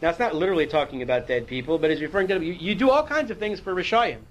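High-voiced man teaching Psalms verse by verse. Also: animated, rapid-fire, rough recording. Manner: explains Hebrew verses with casual asides, loses his place. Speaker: Torah teacher.

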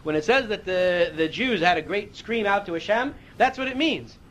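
A man's voice: sits high, expressive, normal speed, a bit bright, slight background noise, rough recording. A man teaching a Torah class, reading Hebrew verses and explaining them in a casual, conversational way, sometimes losing his place.

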